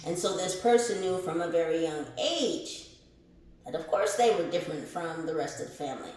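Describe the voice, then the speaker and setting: A woman giving a casual spiritual tarot reading, animated and laughing, who swears freely and calls her viewers the collective. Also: lowish voice, moderate pace. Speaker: tarot reader. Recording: very echoey room.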